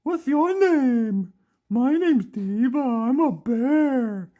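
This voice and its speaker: A man voicing a friendly female polar bear toy who runs a fashion boutique, in a slow, sing-song way that repeats itself. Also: extremely high pitch, animated, warm tone, muffled recording, pitched above the performer's own voice, heavily acted.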